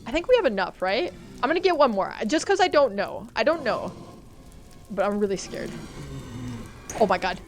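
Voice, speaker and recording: A young woman with a slightly high voice streams a game live. She chats to her viewers in a panicky, excitable rush. Faint game music plays behind her. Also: moderate pace, long pauses. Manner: panicky, excitable, talks to chat. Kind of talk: live gameplay commentary.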